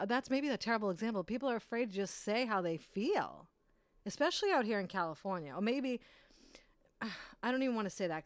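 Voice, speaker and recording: A woman's voice: mid-range voice, no room sound. A young adult woman from the East Coast hosting a solo podcast, ranting in a blunt, frank way and swearing freely. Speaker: podcast host. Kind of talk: casual solo rant.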